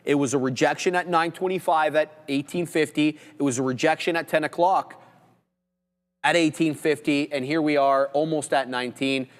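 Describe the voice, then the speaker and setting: A man hosting a live trading stream, calling out prices and levels in quick market commentary. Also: a little high, steady tone, long reverb tail. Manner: rapid price calls, banter with co-host. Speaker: trading livestream host.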